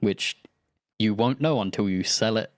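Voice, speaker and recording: A man's voice: on the low side, moderate pace, no room sound, clean studio sound. A man running a tabletop game, chatting loosely after the session, swearing and laughing as he goes. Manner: loose and rambling, swears, laughs mid-sentence. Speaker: game master. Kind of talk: casual post-session chat.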